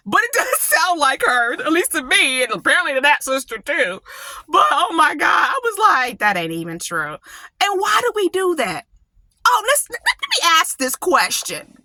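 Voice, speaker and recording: A woman hosting her own channel, talking casually and animatedly, often breaking into high laughing exclamations. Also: pushed and bright, no room sound. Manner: dialect touches in her speech. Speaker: coach and channel host. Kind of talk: casual monologue.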